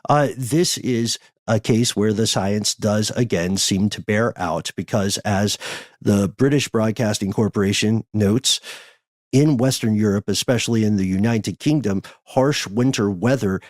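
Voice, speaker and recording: Male podcast host, deepish voice, measured and wordy, dry studio sound. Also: a little mellow, no room sound. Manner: measured, wordy, explanatory with filler uhs. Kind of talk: casual podcast chat.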